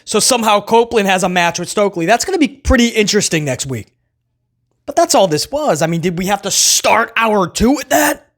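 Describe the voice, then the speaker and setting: A man's voice: high voice, lively intonation, brisk. A man hosting a wrestling recap show, talking loosely and chattily to viewers and often tossing in "man". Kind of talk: casual solo recap commentary.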